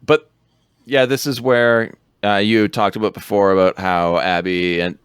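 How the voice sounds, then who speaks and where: A man's voice: on the low side, fairly even intonation, a little slow, clean tone, no room sound, clean studio sound. A man co-hosting a podcast, rambling through a film recap in casual chat, laughing often.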